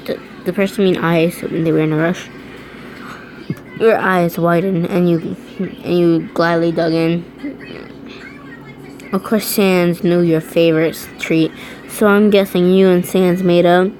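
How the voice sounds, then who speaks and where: Slow, low-voiced woman reading aloud. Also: fairly even intonation, darkish tone, a little hiss or hum, poor audio. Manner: stumbling over words and restarting, breaking off into reactions. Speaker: reader. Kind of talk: reading fan fiction aloud.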